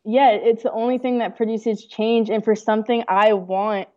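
A woman's voice: on the high side, little pitch movement, normal speed, lo-fi sound, crowd noise. A young adult woman, a guest telling her story in a casual chat, earnest and full of "like" fillers.

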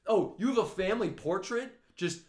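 A young man co-hosting a podcast, telling stories in casual, profane, animated chat. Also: high-pitched, moderate pace, echoey room. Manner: swears a lot, animated storytelling with laughs. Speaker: podcast co-host.

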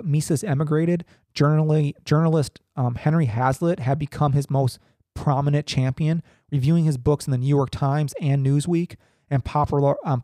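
A young man reading a text aloud in a halting way, full of ums and restarts, with casual asides. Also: a little high, warm tone, no echo, clean studio sound. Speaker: podcaster reading and commenting.

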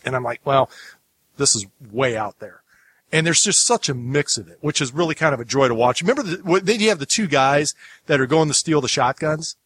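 With a medium-pitched, fairly bright voice, a US man hosting a podcast talks in a loose, meandering way. He keeps restarting his thoughts and drifting off into side comments.

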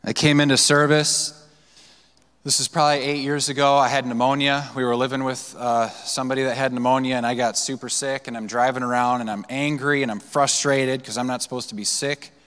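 A man preaching to his congregation in a relaxed, storytelling way, with frequent fillers and restarts. His voice sits at an ordinary middle pitch. A long church-hall reverb trails behind each phrase. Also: a little fast, clear, resonant tone. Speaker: pastor. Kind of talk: sermon. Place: church sanctuary.

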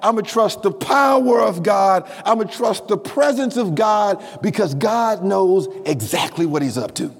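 A man preaching in a high, ringing voice with a long reverb around it. He is emphatic and rhythmic, dropping low and then rising to a shout as he repeats his key lines. It is a church sermon. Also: animated, normal speed, hardly any pauses, breathy edge. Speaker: pastor. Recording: long reverb of a large hall.

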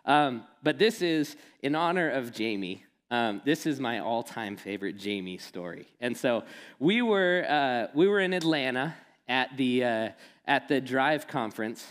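A pastor preaches a sermon in a mid-range voice at a measured pace, telling stories and mixing in casual humor. He gets animated and laughs when quoting a friend. A long hall reverb hangs on the recording.

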